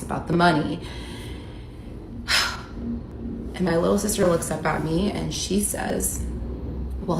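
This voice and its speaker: Woman in her 30s telling her story, kinda low voice, earnest and emotional, roomy echo. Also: vocal fry. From United States. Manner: earnest, emotional retelling, reading out texts. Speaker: storyteller recounting her own experience. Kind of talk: personal storytelling vlog. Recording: echoey room with faint ambient noise.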